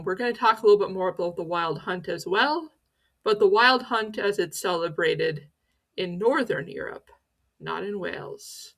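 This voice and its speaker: A medium-pitched woman speaking at a moderate pace runs a pagan folklore channel. Her educational storytelling is playful and theatrical, with frequent self-mocking asides.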